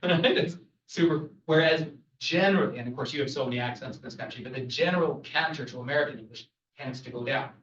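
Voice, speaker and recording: A man's voice: mid-range voice, fast, fairly bright tone. Canadian man lecturing in an echoey room. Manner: chatty, jokey, asks the audience questions. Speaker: travel lecturer. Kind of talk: lively classroom talk. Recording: echoey, muffled, distant room recording.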